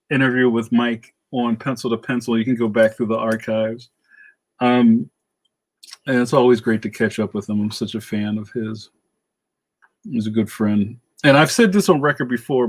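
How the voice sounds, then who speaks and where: A man with a New York accent hosting a casual livestream, chatting and reacting in an animated, slangy way. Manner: animated, slangy, jumps up in pitch when excited. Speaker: livestream host. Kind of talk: casual chat reading viewer comments.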